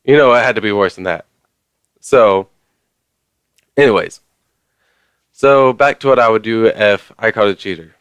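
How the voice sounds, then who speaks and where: A man's voice: lowish voice, unhurried, long pauses, fairly bright tone, smooth, no echo. A man ranting casually to his viewers, rambling along with lots of fillers and mild swearing. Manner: conversational, many fillers. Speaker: vlogger. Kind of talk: casual rant to camera.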